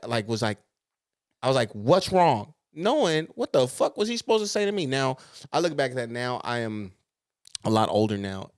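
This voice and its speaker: A man's voice: medium pitch, no echo, studio quality. A young man co-hosting a podcast, talking bluntly and openly, with frequent swearing, in casual chat. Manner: blunt, profane, confessional. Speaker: podcast co-host.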